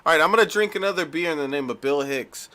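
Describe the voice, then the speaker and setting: A man's voice: fairly high pitch, fast, a loud crowd. A man co-hosting a casual podcast who trades playful, defiant quips. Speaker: podcast co-host.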